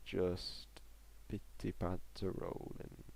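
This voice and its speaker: A man's voice: low-pitched, level tone, slow, vocal fry, a little mellow, a little hiss or hum. A young man giving live, chatty football reaction commentary on a stream, rambling between play calls and chat replies.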